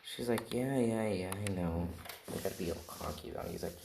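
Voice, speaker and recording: Here a man tells a made-up anime fan story in a low, creaky voice at a fairly quick clip, peppering it with "like" and "right?" over and over. Typing and room noise fill out the echoey home recording.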